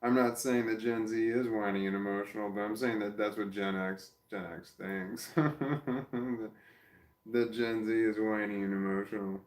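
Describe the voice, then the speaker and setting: A man films himself for a casual vlog, his lowish voice steady and moderately paced. His self-reflective talk wanders, trailing off and restarting, and he coos at his dog in soft baby-talk amid a roomy echo.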